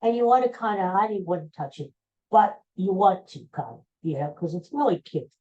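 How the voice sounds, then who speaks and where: Mellow-voiced man rambling through a story. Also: high-pitched, expressive, fairly quick. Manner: chatty, rambling, self-interrupting. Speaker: podcast host. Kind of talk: casual storytelling monologue. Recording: dull lo-fi recording.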